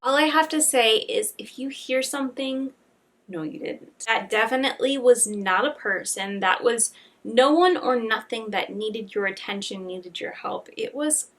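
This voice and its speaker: A woman's voice: fairly high pitch, unhurried, fairly bright tone. A woman hosting a video compilation, introducing clips and adding ominous warnings. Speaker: compilation host.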